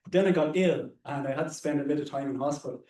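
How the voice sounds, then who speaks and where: An Irish man tells anecdotes on a panel, his mellow voice tripping over repeated words. He is picked up from some distance away. A roomy echo surrounds him. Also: a little high, fast. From Ireland. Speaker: conservationist panelist. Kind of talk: panel discussion. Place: hall or seminar room.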